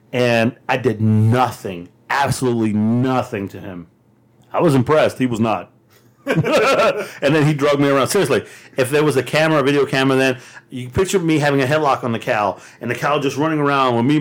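A man telling a rambling, profane story in a casual chat, laughing often and getting animated. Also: mid-range voice.

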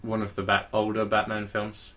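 A man's voice: on the low side, monotone, normal speed, fairly bright tone. A man chatting casually as a podcast co-host, dry and sardonic. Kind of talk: casual chat.

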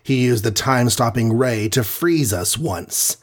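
A man voicing a calm, commanding male superhero in armor in a storybook reading, measured and firm. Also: medium pitch. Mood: reasoning.

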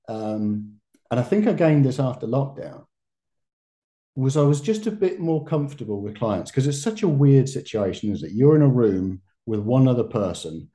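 A man with a mellow, warm voice speaks as an interview guest. He talks in a reflective, conversational way, circling back and restarting his phrases and laughing lightly between thoughts. His voice sits at a middling pitch. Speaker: guest, massage therapist and educator.

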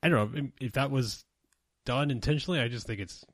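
A man's voice: medium pitch, fast talker, no echo, clean studio sound. Rambling man chatting about a film. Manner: rambling and hesitant, many restarts and fillers. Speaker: podcast co-host. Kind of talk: casual film discussion.

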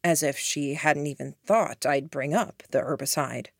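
Low-voiced woman narrating an audiobook. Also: moderate pace, no echo, clean studio sound. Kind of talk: first-person audiobook narration.

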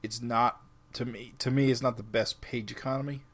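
A man co-hosting a comic book podcast, explaining his views in a measured, casual way. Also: mid-range voice, steady tone. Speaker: podcast co-host.

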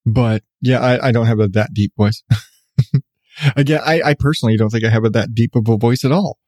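A man's voice: mid-range voice, fairly quick, darkish tone, no room sound. A middle-aged man with a stuffed-up, congested voice rambles through a late-night solo podcast, joking at his own expense. He talks in loose, restarting sentences. The recording is close and dry. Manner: rambling, self-deprecating, restarts often. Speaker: podcast host.

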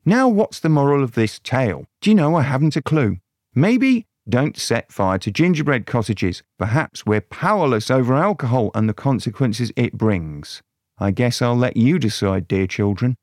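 A man's voice: medium pitch, big pitch swings, moderate pace, darkish tone, dry recording, clean studio sound. A man narrating a crude mock fairy tale in a sardonic way. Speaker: storyteller.

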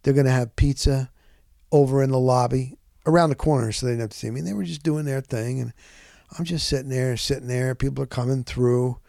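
Guy spinning a yarn, mid-pitched, dry close sound, lots of "boom" sound words. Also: fairly quick, gravelly, dry recording. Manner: animated, punctuates with sound words. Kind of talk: casual storytelling.

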